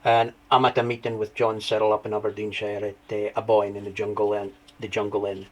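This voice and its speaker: A man telling his story as an interview guest, rambling through anecdotes with restarts and lively retellings. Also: fairly low pitch, fairly quick, poor audio. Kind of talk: conversational storytelling.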